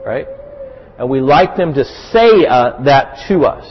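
A man's voice: mid-range voice, very animated, unhurried, breathy edge. A man preaching a sermon in an earnest way, often checking in with his listeners. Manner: earnest, with frequent "right?" check-ins. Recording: muffled, lo-fi recording in a reverberant hall.

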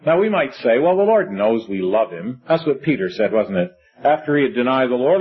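Husky-voiced man preaching a sermon. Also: medium pitch, sing-song, a little fast, few pauses. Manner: earnest, reads scripture in old-fashioned wording, conversational asides. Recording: dull lo-fi recording.

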